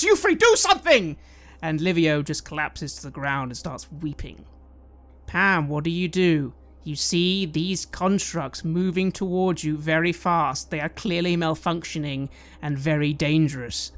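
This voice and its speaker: A woman narrating a tabletop game as game master, describing scenes and asking players what they do. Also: deep voice. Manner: descriptive, occasionally hesitant.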